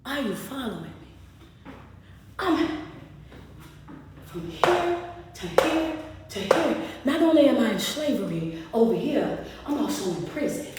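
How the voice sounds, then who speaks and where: High-voiced woman preaching in an echoey hall. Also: sing-song, unhurried, pauses often, recorded from a distance, noisy background. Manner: call-and-response, rhythmic repetition. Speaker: motivational speaker. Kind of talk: preaching with a whiteboard.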